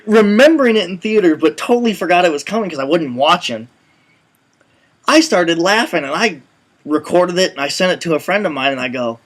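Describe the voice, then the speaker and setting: A man with a somewhat high voice whose pitch leaps up and down as he tells funny stories to a friend. He co-hosts a casual web show, talks in an animated, rambling way and swears freely. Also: a little fast. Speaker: co-host. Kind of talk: casual chat.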